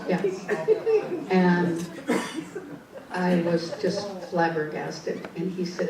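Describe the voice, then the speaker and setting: A woman who works as a psychic, telling a personal story in an animated, conversational way and acting out the dialogue. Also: lowish voice, extremely slow, long pauses, a loud crowd. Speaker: psychic and ghostbuster. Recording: roomy, distant mic, faint ambience.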